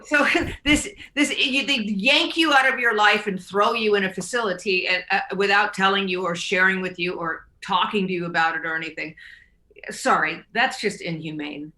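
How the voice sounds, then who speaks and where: A woman's voice: medium pitch, pushed and bright, roomy sound. A woman hosting a recovery talk, giving earnest casual advice with frequent restarts and easy laughter. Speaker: recovery podcast host.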